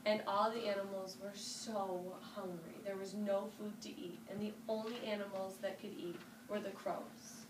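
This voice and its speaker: A woman telling a folk tale to children, animated and inviting her listeners to join in. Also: medium pitch, normal speed, few pauses. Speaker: storyteller. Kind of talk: interactive storytelling for children. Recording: roomy, distant mic with ambient noise.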